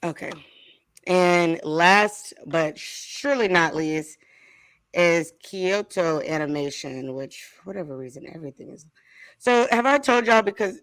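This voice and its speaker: A woman hosting a casual chat, laughing easily and correcting herself in a flustered way. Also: lowish voice. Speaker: podcast host.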